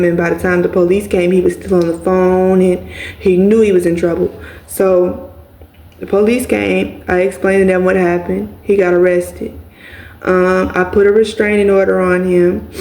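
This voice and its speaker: A woman's voice: lowish voice, vocal fry, a little mellow. A woman vlogger telling an emotional personal story in a casual way, speaking straight to her viewers as "y'all.". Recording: echoey room.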